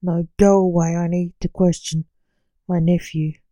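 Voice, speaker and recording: Curt male cop, storybook read-aloud, a woman doing him, slow and dry. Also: lowish voice, flat delivery, mellow, no room sound, natural voice. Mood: questioning. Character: stern questioning male policeman.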